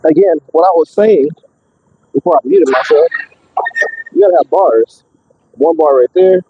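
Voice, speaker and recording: A man driving a truck, chatting casually on a live stream, excitable and rambling with many fillers, out of breath. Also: fairly high pitch, normal speed, slightly rough, no room sound, narrow, tinny audio. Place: in and around a truck.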